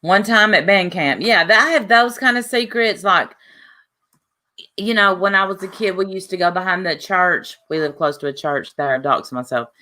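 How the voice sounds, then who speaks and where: A woman's voice: fairly low pitch, moderate pace. A woman hosting a livestream in casual, rambling chat with lots of asides. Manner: chatty, rambling, lively asides. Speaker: livestream host.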